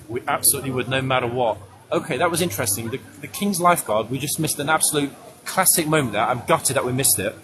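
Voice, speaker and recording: Outdoors at a ceremony, a tour guide with a mid-range voice talks fast, giving a group chatty, joking live commentary and addressing the crowd directly. Outdoor crowd ambience and background noise can be heard.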